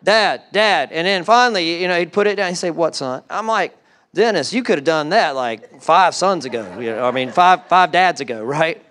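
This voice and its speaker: A man preaching a sermon as pastor, animated, often repeating words and acting out quotes. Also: on the high side, normal speed.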